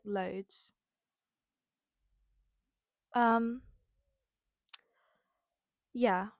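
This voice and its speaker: A woman's voice: on the high side, no echo, clean studio sound. A young woman, hosting a casual personal podcast, rambling with many fillers and near tears. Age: young adult. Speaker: podcast host.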